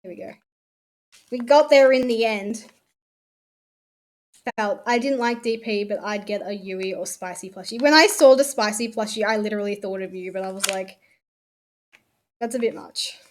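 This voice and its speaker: A woman's voice: medium pitch, normal speed. A young Australian woman chatting casually as she unboxes souvenirs, swearing offhand and trailing off mid-sentence. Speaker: streamer. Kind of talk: casual chat while unboxing.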